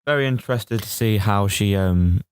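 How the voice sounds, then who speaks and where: A man's voice: lowish voice, normal speed, smooth. A man co-hosting a podcast in casual banter, hesitant and repeating himself. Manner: hesitant, repeats words while mimicking. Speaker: podcast co-host.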